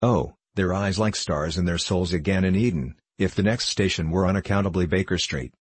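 A man's voice: sits low, moderate pace, husky, dry recording. A man voicing a supercilious, sarcastic male anarchist poet in an audiobook reading. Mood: mocking.

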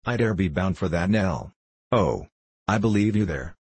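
A man's voice: low-pitched, expressive, moderate pace, darkish tone, breathy edge, no room sound, full character voice. A man reading an audiobook, voicing a bitter, scornful young man who speaks defiantly.

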